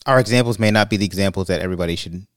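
Deep-voiced man chatting on a podcast. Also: fast, no echo, clean studio sound. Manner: rambling, restarts and fillers, animated when quoting. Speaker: podcast co-host. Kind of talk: casual chat, storytelling.

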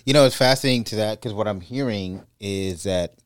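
A man hosting a podcast, a practicing lawyer, talking casually and getting lively when telling stories. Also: fairly low pitch, fairly quick, clear, resonant tone, dry recording, clean studio sound.

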